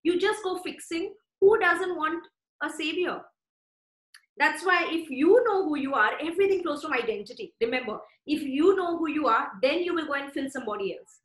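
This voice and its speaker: Woman preaching, high voice, really fervent, repeats herself, echoey room. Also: expressive, normal speed. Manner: fervent, repeats phrases, talks conversationally. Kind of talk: sermon.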